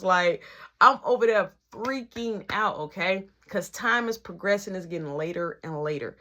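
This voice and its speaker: A woman telling a personal story in an animated way, often dropping into whispers. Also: lowish voice, normal speed. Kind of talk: storytime vlog.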